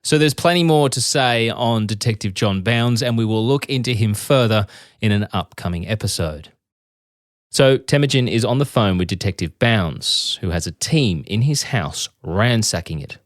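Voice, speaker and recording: Low-voiced male podcast host narrating. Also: no room sound, studio quality. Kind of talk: scripted narration.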